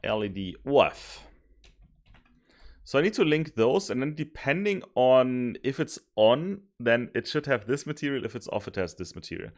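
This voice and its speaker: A man streaming while he codes, thinking aloud, mocking his own mistakes and sometimes yelling happily. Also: mid-range voice, normal speed. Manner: thinks aloud, self-mocking, bursts of excited yelling and laughter. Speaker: streamer coding a simulation tool. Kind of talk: casual live coding commentary.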